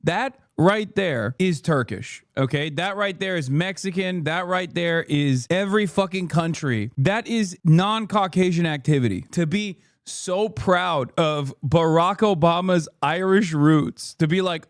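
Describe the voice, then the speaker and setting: A man's voice: high voice, animated, unhurried, hardly any pauses, no echo, clean studio sound. A man in his thirties hosting a stream, giving casual reaction commentary as a profane, joking rant. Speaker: streamer host.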